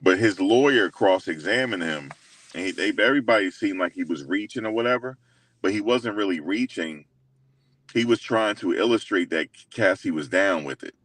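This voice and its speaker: A young man hosting his own channel, retelling a story in a loose, slangy way full of fillers, animated and incredulous as he quotes others. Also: low voice, moderate pace, no room sound. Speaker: host. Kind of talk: casual storytelling recap.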